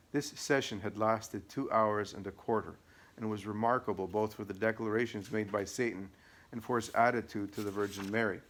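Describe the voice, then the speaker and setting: A man narrating an audiobook in a measured, matter-of-fact way. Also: fairly low pitch. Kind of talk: audiobook reading.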